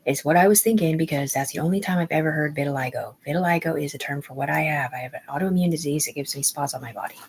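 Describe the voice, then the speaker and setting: A woman's voice: low voice, quick pace, hardly any pauses, a little mellow, slight background noise, low-quality recording. A woman in her forties telling a long personal story on a livestream, rambling and agitated, swearing often and restarting her sentences. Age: 40s.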